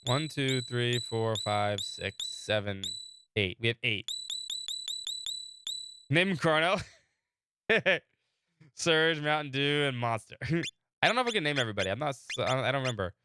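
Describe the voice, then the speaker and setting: The recording is very noisy: a man on a live game stream reads the game's story text aloud and chats casually, laughing often and talking to chat between readings. He has a sore throat and is recovering from illness. His medium-pitched voice is expressive, at a moderate pace with long pauses.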